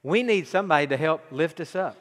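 Preaching with an East Texas drawl, a pastor in his forties uses a slightly raised, expressive voice and a quick pace. He spins folksy stories, drops into near-hushed passages, then builds to fervent urging, all ringing with the long reverb of a church hall.

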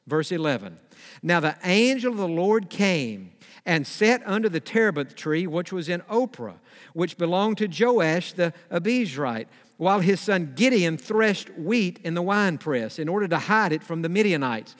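A man's voice: sits high, very animated, moderate pace, big-room sound. A man preaching a sermon, reading scripture aloud and explaining it, sometimes acting out pleading prayers to God. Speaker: pastor.

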